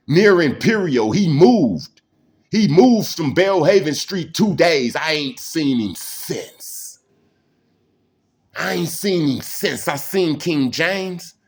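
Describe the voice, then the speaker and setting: A man tells a personal story in an intense, streetwise way. He rambles from one memory to the next and drops "man" into nearly every line. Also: fairly high pitch.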